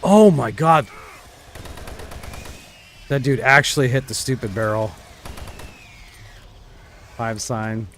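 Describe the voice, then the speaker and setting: A man's voice: medium pitch, slow pace, pauses often, a little hiss or hum. A young man streaming a shooter game, chatting casually and trailing off into mumbled asides. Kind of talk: casual gameplay commentary.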